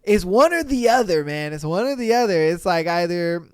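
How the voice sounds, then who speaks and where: A man's voice: sits high, animated, moderate pace, smooth, no echo, clean studio sound. A man hosting a podcast, reading listener posts in casual, slangy commentary with laid-back, chuckling asides. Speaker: podcast host. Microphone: studio podcast mic.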